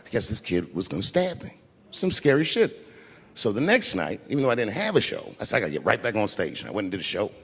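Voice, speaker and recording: A middle-aged man doing a stand-up routine, telling stories animatedly and shouting punchlines. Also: mid-range voice, very animated, fast, creaky, husky. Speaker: stand-up comedian. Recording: live hall reverb, faint background noise.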